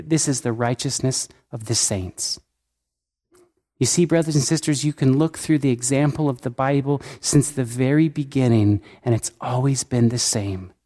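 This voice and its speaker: A man's voice: on the high side, darkish tone. Earnest male preacher in a reverberant hall. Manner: earnest, asks the listeners many questions. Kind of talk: sermon.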